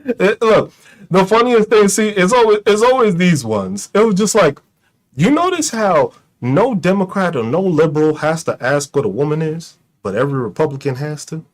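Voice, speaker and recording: This streamer's voice is on the high side and very animated, moving at an ordinary pace. He mocks and swears his way through a rant for his online audience, throwing out rhetorical questions and laughing at his own jokes.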